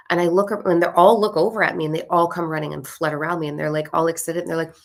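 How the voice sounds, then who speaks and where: A woman, a spiritual content creator, tells a personal spiritual story casually and animatedly, swearing and acting out the voices of people in it. Her voice is lowish and rapid-fire, with few pauses.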